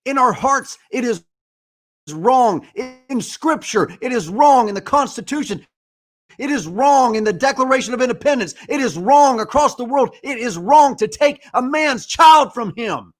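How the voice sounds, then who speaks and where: A man's voice: very high-pitched, expressive, measured pace. A man in his forties, a podcast host, delivering an angry, profane, impassioned monologue. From United States.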